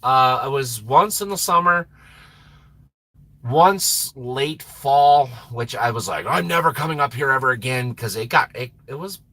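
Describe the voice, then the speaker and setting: A man hosting a live stream chats in a loose, rambling way, laughing and losing his train of thought. His voice is bright and slightly husky, and it swoops up and down in pitch. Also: lively intonation, measured pace, no echo. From Minnesota. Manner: rambling, laughs often, trails off. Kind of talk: casual live stream chat.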